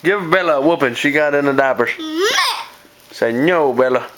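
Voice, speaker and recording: A man's voice: a little high, moderate pace. A man filming his small children at home, coaxing them to dance and make animal sounds, laughing often. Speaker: father filming his toddlers. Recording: noisy home video recording.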